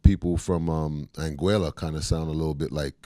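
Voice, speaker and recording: A man with a Caribbean accent, a comedian chatting in an interview, animated and full of "you know what I'm saying.". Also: extremely low pitch, a little fast, dry recording. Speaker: comedian interviewed about his characters. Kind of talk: casual interview chat.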